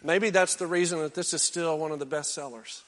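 Male pastor, sermon, high voice, loud then hushed, echoing church hall. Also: steady tone, brisk. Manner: dynamic, swinging from loud exhortation to hushed intensity.

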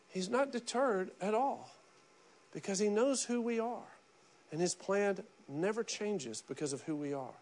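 A middle-aged man preaching a sermon in an animated, conversational way, often repeating words and acting out quoted voices. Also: high-pitched, measured pace. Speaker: pastor.

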